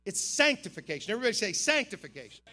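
A man preaching at a camp meeting, his voice very high and bright. He moves from quiet, quick asides to emphatic shouted peaks. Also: big pitch swings. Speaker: pastor. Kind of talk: sermon.

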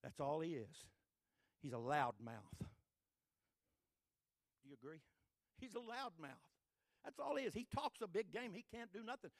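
A man from Texas, preaching a sermon with folksy stories and building to loud, repetitive crescendos. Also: high voice, big pitch swings, unhurried, pauses often, no echo, clean studio sound. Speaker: pastor.

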